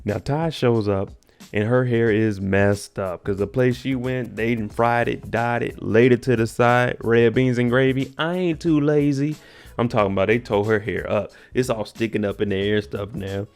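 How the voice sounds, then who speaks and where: A man's voice: medium pitch, steady tone, moderate pace, soft background music. A man casually recapping a TV episode, with laid-back, joking slang. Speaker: TV recap host.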